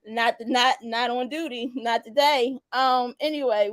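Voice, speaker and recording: A woman's voice: a little high, fairly even intonation, measured pace, few pauses, no room sound. A young adult woman hosting a casual live-stream chat, laughing and teasing as she reads viewer answers. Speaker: host.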